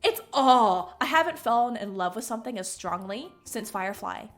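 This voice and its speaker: Excitable american gm lady, light southern twang, laughs a lot, soft music under her. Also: fairly high pitch, normal speed. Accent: light general Southern American. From Southern United States. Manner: bubbly, excitable, laughs often. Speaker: game master and stream host. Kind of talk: casual stream chat.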